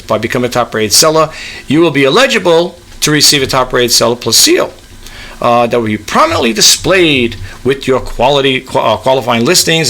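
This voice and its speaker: Gravelly rambling man reading out a website. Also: mid-range voice, bright, forceful tone. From New York, US East Coast. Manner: rambling, repeats "okay?" and "you know". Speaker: eBay reseller vlogger. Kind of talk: casual screen-share walkthrough.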